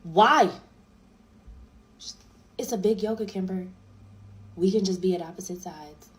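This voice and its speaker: A woman playing a dismissive calm ex. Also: mid-range voice, unhurried, natural voice.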